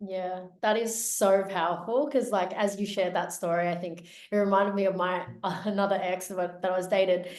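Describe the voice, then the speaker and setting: A woman's voice: lowish voice, fairly even intonation, moderate pace, hardly any pauses, a little mellow. A woman hosting a podcast, talking openly and casually about her own dating life, with small laughs and restarts. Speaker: podcast host. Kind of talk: casual chat. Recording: roomy echo.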